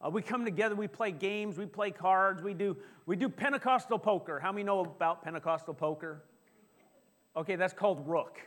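A middle-aged male pastor preaching a sermon in a church, lively and joking, often asking the congregation questions. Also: high voice, fairly quick. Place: church sanctuary.

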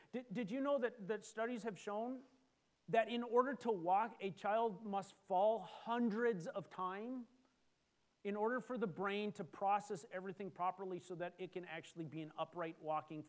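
A middle-aged man preaching a sermon, talking in a conversational way with restarts and sudden excited exclamations. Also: high-pitched, normal speed. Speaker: pastor.

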